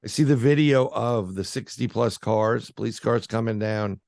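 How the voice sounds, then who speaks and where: Male guest, paranormal researcher, low gravelly voice, dry close sound, loose excitable storyteller. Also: normal speed, no room sound. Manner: rambling, filler-heavy, restarts, excitable. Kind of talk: casual storytelling in an interview.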